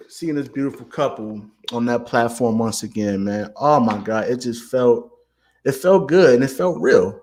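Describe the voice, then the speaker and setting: Animated young man host, stammering. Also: fairly high pitch. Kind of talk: casual commentary.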